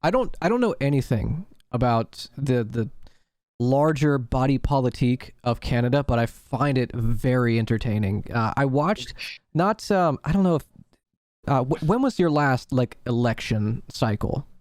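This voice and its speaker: A man's voice: medium pitch, animated, normal speed, darkish tone, dry recording, clean studio sound. A man hosting a casual podcast chat, easygoing, with lots of ums and likes. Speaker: podcast host and streamer.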